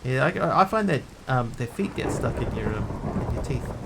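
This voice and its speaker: A man's voice: medium pitch, lively intonation, moderate pace, creaky, heavy background noise. A man streaming a game, chatting and joking with his chat as he plays. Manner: chatty, jokey, talks to chat while playing. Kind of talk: casual gameplay commentary.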